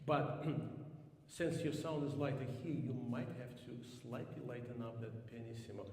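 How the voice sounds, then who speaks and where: A man teaches a piano master class, his mellow voice ringing through a large, echoing hall. He talks thoughtfully, clears his throat often, and sings snatches of music to make his point. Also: medium pitch, normal speed, a little hiss or hum. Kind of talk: coaching a student at the piano.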